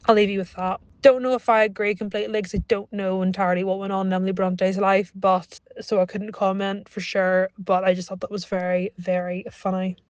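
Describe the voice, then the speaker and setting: A woman's voice: mid-range voice, little pitch movement, fairly quick, hardly any pauses, muffled recording. A woman co-hosting a podcast, giving a casual, wry film review in a cinema lobby, recorded on a small phone microphone. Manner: chatty, wry, amused. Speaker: podcast co-host.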